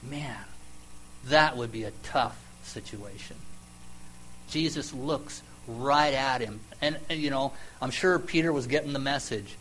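A man's voice: mid-range voice, fairly bright tone, slight background noise, rough recording. Earnest conversational man preaching. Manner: conversational, emphatic storytelling with dramatic pauses. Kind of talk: sermon.

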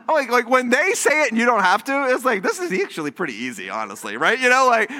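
High, lively male preacher in a hall. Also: fairly quick. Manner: animated storytelling with acted-out quotes. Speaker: pastor. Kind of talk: sermon. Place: church sanctuary.

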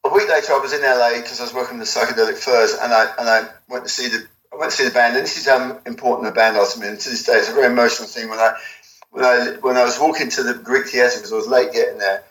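A middle-aged man telling a rambling, animated story in an interview, swearing freely. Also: medium pitch, racing. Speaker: album cover designer, guest. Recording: echoey room.

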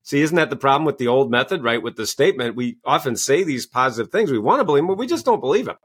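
A man's voice: mid-range voice, lively intonation, fast talker, husky. A man, a coach and author, answering interview questions with enthusiastic storytelling. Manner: enthusiastic, storytelling, acts out quoted voices. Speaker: guest, executive coach and author.

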